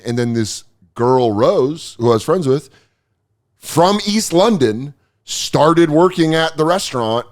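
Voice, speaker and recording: Animated man telling comic stories. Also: a little high, measured pace. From Denver. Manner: animated storyteller, acts out quoted voices. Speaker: podcast host. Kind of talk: casual comedy podcast chat.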